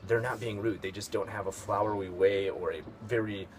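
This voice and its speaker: Rambling low-voiced man with background noise. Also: fairly even intonation, a little fast. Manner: rambling, hesitant, many fillers and restarts. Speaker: video host. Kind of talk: casual storytelling commentary.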